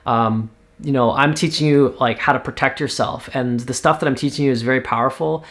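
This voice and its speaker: A man from Canada casually pitching a TV series, talking in a rambling way with lots of fillers. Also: fairly even intonation, fairly quick, fairly bright tone. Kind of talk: casual spoken story pitch.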